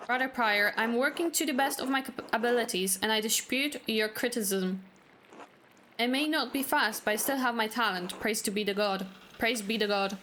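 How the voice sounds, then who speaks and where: Brief: dignified old monk defending his slow work, played by a woman, bright, slightly high voice. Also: a little hiss or hum, lightly acted. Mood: defensive. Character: proud old male scribe monk.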